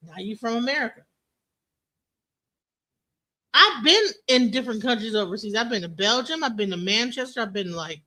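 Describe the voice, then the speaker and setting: Bright-voiced, blunt woman host. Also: medium pitch, low-quality recording. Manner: animated, blunt, profane. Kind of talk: casual chat on a livestream.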